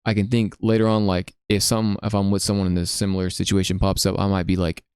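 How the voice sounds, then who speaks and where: A young man hosting a podcast, telling stories in a casual, slangy, animated way. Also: deep voice, quick pace, clear, resonant tone, dry recording, studio quality. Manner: slangy, animated storytelling with lots of "bro". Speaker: podcast host. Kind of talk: casual chat.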